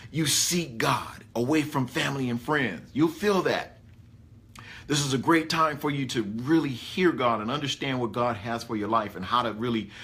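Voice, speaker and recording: A man preaching a conversational sermon, animated and folksy. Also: medium pitch. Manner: animated, folksy, rising excitedly on key points. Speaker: pastor.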